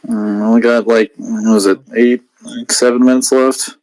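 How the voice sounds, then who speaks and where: A man with a mid-range voice adds dry, offhand comments to a casual stream chat. He sounds relaxed and unhurried. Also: mid-range voice, rough recording.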